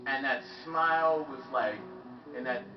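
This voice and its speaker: A man's voice: medium pitch, a little slow, echoey room, music in the background. A man performing spoken word, telling a casual story to a live audience. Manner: conversational, loud when acting out shouts. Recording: lo-fi live recording from a distance.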